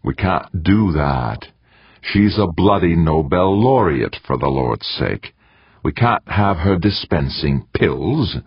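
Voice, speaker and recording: A man doing a slow, brusque professor. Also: low-pitched, lively intonation, slightly rough, no room sound, full character voice. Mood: indignant. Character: stern elderly male professor leader. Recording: dull, muffled audiobook recording.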